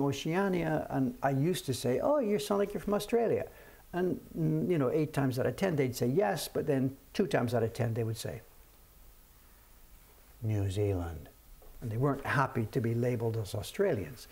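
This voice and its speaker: Gravelly chatty older man. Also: medium pitch, darkish tone. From Canada. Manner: chatty storyteller, many restarts and "whatever". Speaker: printmaker streaming from his shop. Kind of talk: casual chat on a live stream. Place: print shop workbench.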